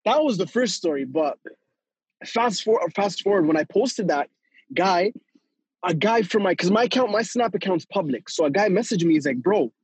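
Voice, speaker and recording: A young man tells a story on a casual podcast, high-pitched and a little husky. He is animated, laughs a lot and acts out every quote. The sound is close and dry. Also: moderate pace, no echo, poor audio. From Toronto, Canada. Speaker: guest storyteller.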